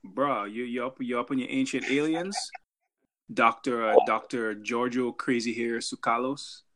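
A man's voice: mid-range voice, steady tone, normal speed, fairly bright tone. Guy cohosting a podcast, jokey and rambly, lots of ums. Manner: joking, rambling, many fillers. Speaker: podcast co-host. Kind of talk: casual chat.

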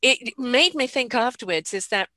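Woman host, bright forward voice, reflective, dry close sound. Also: on the high side, expressive, moderate pace, no room sound. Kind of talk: casual conversation.

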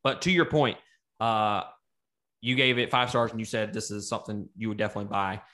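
A man co-hosting a casual movie review podcast, talking in an animated, profane way and laughing often. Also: lowish voice, a little fast. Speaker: podcast co-host.

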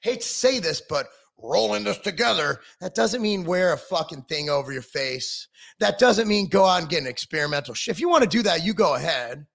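A man's voice: high voice, expressive, fairly quick, gravelly, fairly bright tone. A middle-aged man giving a heated, sarcastic political rant full of swearing.

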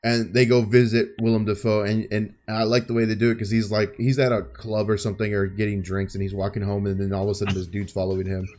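A man's voice: on the low side, little pitch movement, quick pace, few pauses, a little mellow. A man co-hosting a podcast, chatting casually and enthusiastically about a film, swearing freely as he retells scenes. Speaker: podcast co-host. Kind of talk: casual film review chat.

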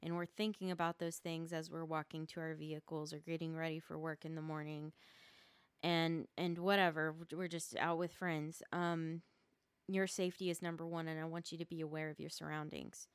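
Woman, podcast host, casual solo monologue, rambling, stumbling over words, smooth voice, dry close sound. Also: deep voice, flat delivery, moderate pace, dry recording. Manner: rambling, stumbles and restarts often. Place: rural home.

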